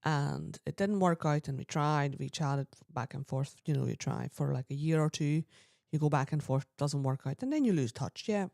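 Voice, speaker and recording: A woman co-hosts a podcast, telling a story in loose, chatty fashion. She often clears her throat and slips into other people's voices as she recounts what they said. The sound is close and dry. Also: low voice, normal speed, few pauses, dark tone, dry recording. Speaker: podcast co-host. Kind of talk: casual storytelling chat.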